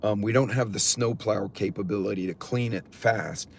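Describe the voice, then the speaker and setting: A man's voice: lowish voice, normal speed, gravelly, slight background noise. Rambling, chatty middle-aged man. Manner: rambling, chatty, swears freely. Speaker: preparedness channel host. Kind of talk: casual livestream talk, reading chat aloud.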